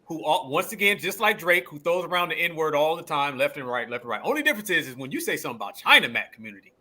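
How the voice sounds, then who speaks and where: A man leads a loose group talk show. His voice is bright and forceful, and his pitch swings widely. He talks in an animated, profane way. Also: fast talker. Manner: animated, profane, calls on co-hosts. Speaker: podcast host.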